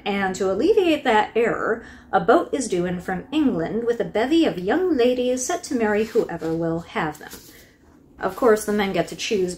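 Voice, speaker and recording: A woman's voice: mid-range voice, a little mellow, slight background noise. A woman hosting a casual book review, chatty and wry, with laughing asides.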